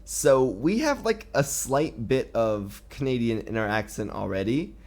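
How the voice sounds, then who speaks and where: A man's voice: mid-range voice, lively intonation, unhurried, darkish tone. A young man from Washington State, hosting a casual podcast chat in a rambling, filler-heavy way. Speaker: podcast host.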